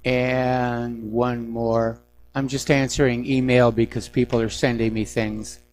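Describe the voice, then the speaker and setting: A man's voice: mid-range voice, level tone, measured pace, darkish tone. A middle-aged man hosting a news talk radio show, giving emphatic, indignant opinions on the day's stories.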